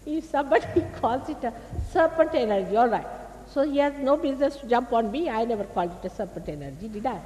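A woman's voice: a little high, animated, normal speed, dark tone. A woman with an Indian accent giving an emphatic public spiritual talk, admonishing her listeners and asking them rhetorical questions. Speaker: spiritual teacher. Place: large public hall. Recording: echoey hall, faint hiss, old archive tape.

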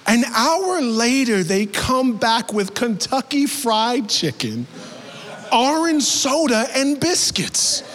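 A young man preaching a sermon as an animated storyteller, dropping his voice low for quoted people and rising to shouts. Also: takes it slowly. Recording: long hall reverb.

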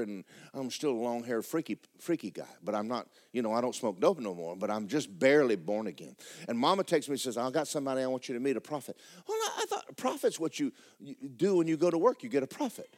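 Middle-aged male preacher, folksy, animated swoops, bursts into shouting. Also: mid-range voice. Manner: folksy storytelling, rising to shouts. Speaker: pastor. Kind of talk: sermon.

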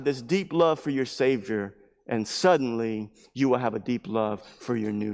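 A man's voice: mid-range voice, moderate pace, a little mellow, big-room sound. A man pastor preaching a sermon at a church service, emphatic and repetitive, building his points with mounting fervor.

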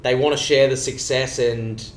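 A man, a bodybuilding coach, chatting casually as a podcast guest, animated and acting out quotes with casual swearing. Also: medium pitch, moderate pace. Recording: roomy room sound.

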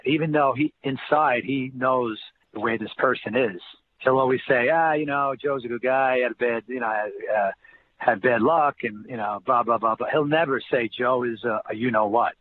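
Older New man on a tinny line. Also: mid-range voice. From New Jersey. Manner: animated storyteller acting out quotes. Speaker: interview guest, former college basketball player. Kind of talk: casual storytelling interview. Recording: tinny phone-line audio, faint hiss.

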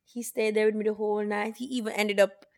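In casual podcast chat, a female co-host spins stories with patois and acted-out quotes. She talks fast at a medium pitch, animated throughout.

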